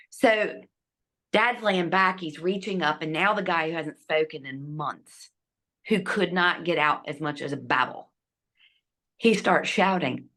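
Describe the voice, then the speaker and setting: A middle-aged woman, a guest telling a personal story with lively delivery and hushed asides. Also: low-pitched, normal speed. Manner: animated, acts out quotes, drops to hushed asides.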